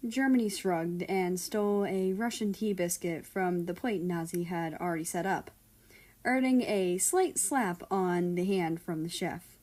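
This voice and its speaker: A woman reading a fan fiction story aloud in a steady, storytelling way. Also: lowish voice, measured pace. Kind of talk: scripted narration of a fan story.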